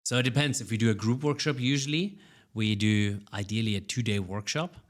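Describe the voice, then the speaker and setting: A man's voice: fairly low pitch, steady tone, brisk. A man who coaches public speaking, answering interview questions with energy and often repeating words as he starts a sentence.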